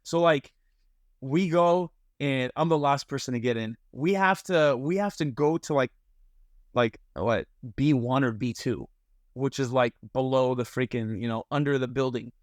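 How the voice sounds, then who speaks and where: A young man telling a story in casual chat as a podcast guest, animated, with lots of fillers and slang. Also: medium pitch, measured pace, no echo, clean studio sound.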